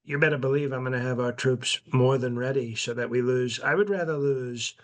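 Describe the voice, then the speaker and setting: Brash old president, rambling and smug, delivered deadpan, played by a male comedian. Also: medium pitch, fairly quick, close to an everyday voice. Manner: rambling, boastful, deadpan, with self-interruptions. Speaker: podcast host in character. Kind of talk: improvised comedy podcast.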